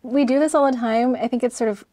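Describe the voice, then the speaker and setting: A woman's voice: a little high, steady tone, quick pace, mellow, no room sound. A woman, an emergency physician, teaching a review lesson in a chatty way, with frequent "sort of" and "right?". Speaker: medical educator. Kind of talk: conversational review lecture.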